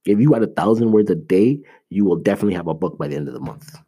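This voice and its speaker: A man with a very low, husky voice gives a motivational talk in an earnest, emphatic way. He is from Canada and speaks conversationally, with lots of "like" and restarts. He repeats his key points to drive them home. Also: rapid-fire, warm tone.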